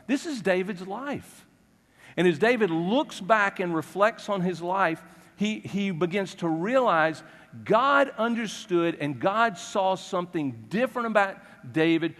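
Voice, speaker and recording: A male pastor retelling a story in a sermon, animated and chuckling, often restarting his sentences. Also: high-pitched. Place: church sanctuary. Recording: long church reverb.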